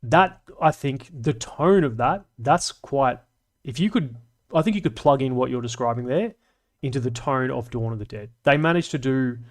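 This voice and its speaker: A man's voice: medium pitch, moderate pace. A man, hosting a casual livestream and reading viewer comments in off-the-cuff, joking banter full of swearing. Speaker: streamer and channel host.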